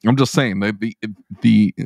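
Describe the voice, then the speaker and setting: A man's voice: fairly low pitch, unhurried, vocal fry, a little mellow, dry recording, clean studio sound. A man hosting a podcast, chatting casually and teasingly with frequent restarts, then reading a scripted outro. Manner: jokey, teasing, many restarts. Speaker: podcast host.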